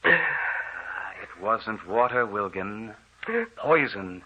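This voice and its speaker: Vengeful walking dead man, slow, menacing, bright edge, dull old radio sound. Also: on the low side, husky, heavily acted. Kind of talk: 1940s radio drama acting.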